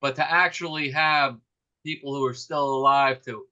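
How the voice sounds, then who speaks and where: A man moderating a question session in a brisk, enthusiastic way. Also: mid-range voice, fairly even intonation, pushed and bright, smooth. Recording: dull lo-fi audio.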